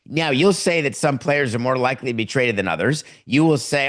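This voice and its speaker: Middle-aged guy ranting on his sports podcast, sarcastic, acts out fake phone calls, normal pitch. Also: animated, moderate pace, a bit bright. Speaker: podcast host. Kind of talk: opinionated sports commentary.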